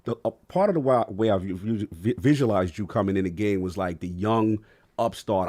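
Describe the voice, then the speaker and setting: A man's voice: lowish voice, moderate pace, a little mellow. A man hosting a gaming podcast, chatting in an enthusiastic, slangy way. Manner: slangy and hyped, says bro and fire. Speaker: podcast host. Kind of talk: casual interview chat.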